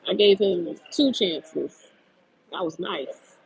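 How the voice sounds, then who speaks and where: Husky woman going off on a live stream, blunt, cussing, super animated, raspy edge on every word. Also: on the low side, slow pace, poor audio. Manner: blunt, profane, animated venting. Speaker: lifestyle channel host on a live stream. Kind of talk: casual rant on a live stream.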